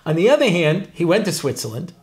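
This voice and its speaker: Animated, joking rabbi, man. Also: on the high side, fast talker. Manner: joking, animated, laughs often. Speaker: rabbi and Torah teacher, guest. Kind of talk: humorous interview talk.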